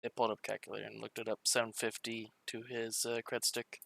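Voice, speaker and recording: A man's voice: lowish voice, monotone, brisk, creaky, fairly bright tone. A man playing a tabletop game casually, describing what his character does. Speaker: player.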